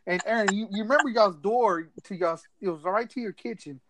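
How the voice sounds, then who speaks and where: A man's voice: sits high, fairly quick. A man with a drawl tells a crude story to friends in a casual chat. He keeps laughing as he acts out what his buddies said. Light noise sits behind him.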